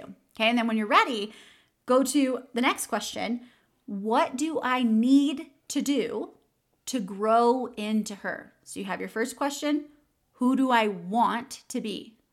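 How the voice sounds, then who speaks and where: A young woman with a somewhat high voice coaches her listeners in a solo podcast. She is encouraging and laughs often as she talks. She keeps repeating her key phrases so they sink in. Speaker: podcast host and mindset coach.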